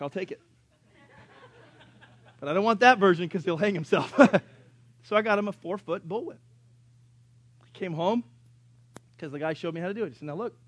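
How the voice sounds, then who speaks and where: A man in his thirties preaching a sermon, telling folksy stories with joking asides and rising to loud, emphatic preaching. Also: on the high side. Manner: swings from quiet storytelling to loud preaching. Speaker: pastor.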